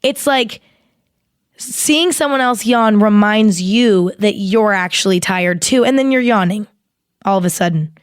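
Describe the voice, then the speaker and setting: A woman's voice: mid-range voice, unhurried, clear, resonant tone, dry recording, clean studio sound. Chatty young woman podcast host. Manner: chatty and rambling, heavy use of "like". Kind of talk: casual chat with a sponsor read.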